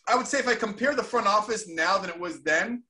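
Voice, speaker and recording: A man in his forties with a high, bright voice tells a story in casual chat. He is animated and acts out the quotes with voices. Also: fast. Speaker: former pro hockey player, podcast co-host.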